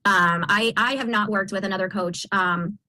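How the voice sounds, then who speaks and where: A woman's voice: mid-range voice, steady tone, normal speed, slight background noise. A woman coach hosting a group video call, asking members questions and affirming their answers. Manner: warm affirming interviewer, frequent agreement.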